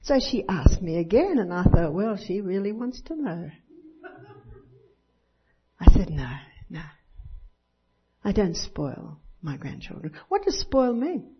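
Fairly high and slightly rough, an older woman's voice carries lively intonation as she speaks a little slowly in a sermon. The Christian speaker tells personal stories and acts out the voices of children and others, on a dull lo-fi recording.

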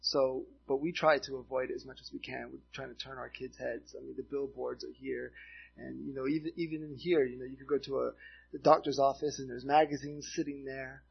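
A middle-aged man from Miami preaching a sermon in an earnest, halting way, telling a story between points, in a dull lo-fi recording. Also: mid-range voice, flat delivery, creaky, breathy edge. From Miami, United States. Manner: earnest, halting, with restarts and asides.

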